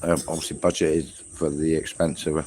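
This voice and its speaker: A man with an extremely low, level voice talks fairly quickly as he chats on a travel livestream, rambling with his mouth full while eating breakfast. He's a travel vlogger on the road in Southeast Asia, speaking to a camera set in front of him. Insects and traffic make the background noisy.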